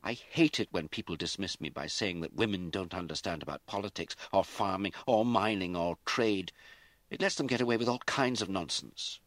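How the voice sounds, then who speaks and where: A man's voice: deep voice, normal speed, fairly bright tone, no echo, voice pushed up. A man voicing a bitter, scolding aristocratic mother. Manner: wailing, scolding, rising to fury. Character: aristocratic middle-aged mother, anxious and bitter.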